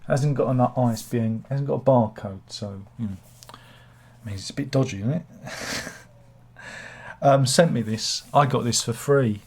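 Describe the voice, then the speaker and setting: A man's voice: mid-range voice, a little slow, darkish tone, breathy edge. A man, hosting a casual book review channel, rambling with sardonic, self-mocking humor. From England.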